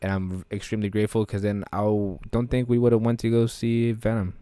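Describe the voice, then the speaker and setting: A man co-hosts a casual podcast chat, telling stories full of constant swearing and acting out voices with animation. His voice is fairly low, brisk and clean, with no room sound.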